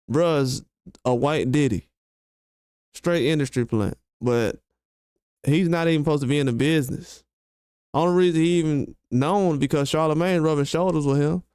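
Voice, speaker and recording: Heated man ranting, smooth dry voice. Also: on the high side, darkish tone, no room sound. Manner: heated, slangy, emphatic, repeats himself. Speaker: commentary channel host. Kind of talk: casual commentary rant.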